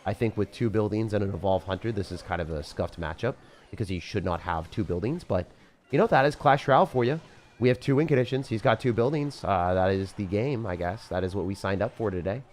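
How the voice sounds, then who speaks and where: Excitable man, lower-pitched gamer voice. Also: a little fast. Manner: excitable, jokey, breaks into loud outbursts. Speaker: game streamer. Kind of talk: live gameplay commentary.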